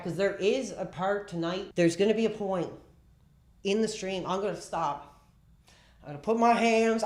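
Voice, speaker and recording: A man in his thirties rambling through a comedic livestream rant, with dramatic pauses, sighs and stammering restarts. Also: high-pitched, echoey room. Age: 30s.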